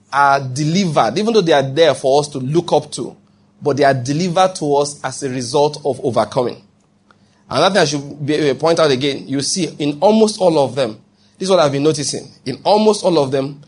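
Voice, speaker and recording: A man's voice: on the high side, breathy edge. A man preaching a sermon in a conversational way, acting out quoted voices and often checking that listeners follow. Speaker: pastor.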